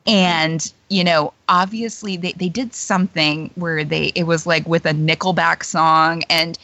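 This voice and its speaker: On an interview show, a woman guest who used to play a theme-park character shares stories in relaxed, filler-heavy talk punctuated by laughter. Her voice sits on the low side, a bit bright, with a steady tone and an unhurried pace, on a dull, dry lo-fi recording.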